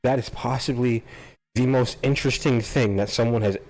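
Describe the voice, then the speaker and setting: A man hosting his own show, rambling while high, repeating and tripping over his words and swearing often. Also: steady tone, normal speed, darkish tone. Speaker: podcast host. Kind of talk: rambling stoned brainstorm.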